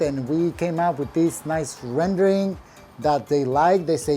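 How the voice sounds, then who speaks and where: Man, contractor type, plainspoken and upbeat, recorded outdoors with soft music underneath. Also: fairly high pitch, moderate pace. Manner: upbeat, plainspoken, proud of the work. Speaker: landscaping contractor. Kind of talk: casual project walkthrough. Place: outdoors in a backyard patio.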